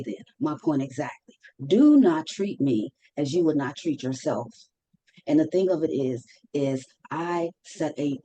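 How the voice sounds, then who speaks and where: A woman's voice: fairly low pitch, dark tone, poor audio. A woman telling her own mental health story as a guest, emphatic, repeating phrases for stress and acting out what she once said. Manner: acts out her own past words in dialogue. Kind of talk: personal testimony in conversation.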